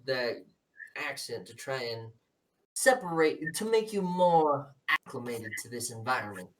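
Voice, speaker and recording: A man's voice: fairly high pitch, fairly bright tone, pitched above the performer's own voice. A man voicing a stern, scheming older politician who coldly lectures and threatens his son, recorded somewhat far from the mic. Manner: cold, menacing, lecturing.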